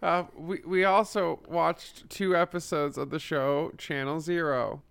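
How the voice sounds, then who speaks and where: A young man co-hosts a casual chat and tells stories with enthusiasm. His voice is bright and smooth and sits slightly high. He restarts his sentences often. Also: fairly even intonation, a little slow. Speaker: podcast co-host.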